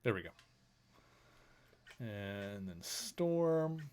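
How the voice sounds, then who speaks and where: A man's voice: lowish voice, sing-song, drawn-out words, a little mellow, smooth. A male streamer giving casual commentary as he plays a video game, thinking aloud in a chatty, rambling way.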